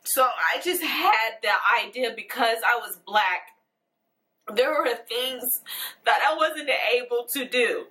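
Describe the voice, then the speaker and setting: A young woman in a personal video monologue, tearful and earnest, pausing and restarting her sentences. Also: fairly high pitch, lively intonation, bright, forceful tone, poor audio. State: crying, tearful. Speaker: vlogger.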